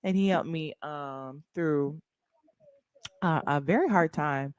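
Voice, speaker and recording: A woman hosting a casual chat, animated and emphatic, swearing freely. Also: sits low, takes it slowly, clean tone, no echo, studio quality. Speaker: host.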